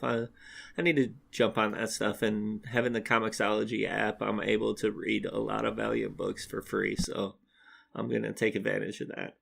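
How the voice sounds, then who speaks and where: A man's voice: fairly low pitch, gravelly, a bit bright. A man co-hosting a podcast in casual chat, rambling and upbeat and laughing easily as he talks. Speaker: podcast co-host.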